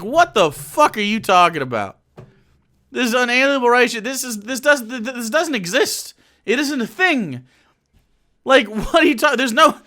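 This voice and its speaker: Male streamer, exasperated and profane, animated delivery with a sharp, bright tone. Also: high voice. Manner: profane, exasperated, laughing mid-rant. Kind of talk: ranting reaction stream.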